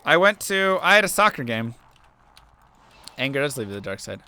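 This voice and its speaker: A man's voice: medium pitch, very animated, normal speed, pushed and bright, clean tone. A young man streaming to viewers, talking through an earnest, rambling story full of fillers as he chats. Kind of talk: casual chat while gaming.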